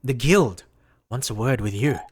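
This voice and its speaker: A man voicing a theatrical, menacing male villain in a game, dropping his voice low and slow. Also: lively intonation. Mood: threatening. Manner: slow, deep, dramatic monologuing.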